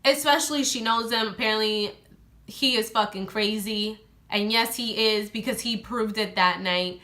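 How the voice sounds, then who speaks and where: A young woman vlogger telling a true story in a casual, animated storytime monologue, filling her talk with "like" and acting out her friends' lines. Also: medium pitch, normal speed. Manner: animated, heavy use of "like", acts out friends' lines. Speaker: beauty vlogger.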